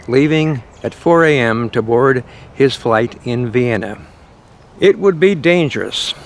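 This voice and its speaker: A man's voice: medium pitch, a little hiss or hum. An older man telling the story of his trip in a chatty, self-deprecating travel vlog. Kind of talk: casual travel vlog narration. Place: partly outdoors in a city.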